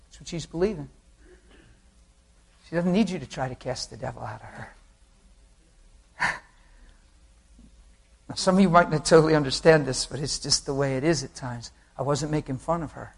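A man preaching a sermon, telling an anecdote with lively acted quotes and laughing along with the congregation. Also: a little high, moderate pace, gravelly, pauses often, husky. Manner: animated storytelling, voices quotes, laughs with the crowd.

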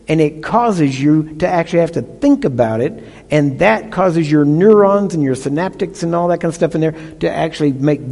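A man's voice: a little high, warm tone. Emphatic preacher man in a reverberant hall. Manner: emphatic teaching with call-and-response checks. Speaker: pastor. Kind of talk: sermon.

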